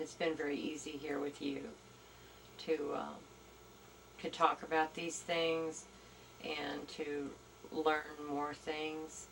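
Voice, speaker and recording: Low-voiced woman, thoughtful and hesitant. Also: fairly bright tone, a little hiss or hum, rough recording. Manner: thoughtful, hesitant, searching for words. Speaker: interview guest. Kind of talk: casual conversational interview.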